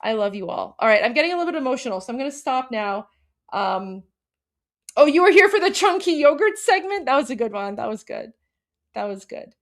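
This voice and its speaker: A woman in her thirties hosts a livestream, chatting casually with viewers in a rambling, hesitant way while sounding emotional and warm toward them. Her voice sits high, sing-song and brisk.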